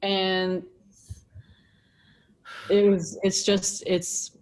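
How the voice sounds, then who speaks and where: A young woman, a breathwork facilitator, telling her story in casual chat, animated, swearing freely and saying "like" a lot. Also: medium pitch, very slow. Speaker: breathwork facilitator, podcast guest.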